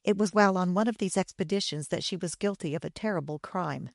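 A woman narrating a dark old story in a steady, measured reading voice. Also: on the low side, gravelly, no echo, studio quality. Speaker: audiobook narrator.

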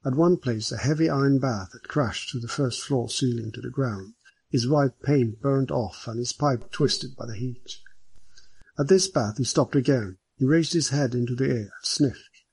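Husky male audiobook narrator. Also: mid-range voice, moderate pace, a little mellow, dry recording. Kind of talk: scripted mystery narration.

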